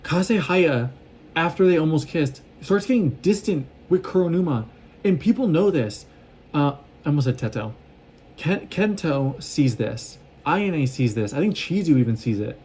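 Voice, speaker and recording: A man talking fast in a casual, excited recap vlog, rambling with lots of fillers and restarts, recorded on a phone. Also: fairly high pitch, a little hiss or hum. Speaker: vlogger recapping a show.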